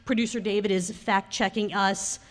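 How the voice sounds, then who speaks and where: A woman's voice: mid-range voice, fairly even intonation, normal speed. A woman co-hosting a casual podcast recorded live at a bar, chatty and teasing and laughing often. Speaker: podcast co-host. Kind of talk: casual chat.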